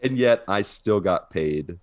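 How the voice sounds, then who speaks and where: A man co-hosting a podcast, telling an animated story in casual chat and laughing often. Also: low-pitched, slow pace. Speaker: podcast co-host. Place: living in Brazil.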